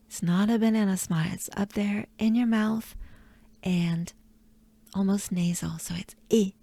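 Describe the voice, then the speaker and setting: A woman from France with a French accent, teaching pronunciation slowly and repeating each sound several times, sometimes in a whisper. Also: medium pitch, dark tone, no room sound. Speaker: pronunciation coach. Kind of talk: pronunciation lesson.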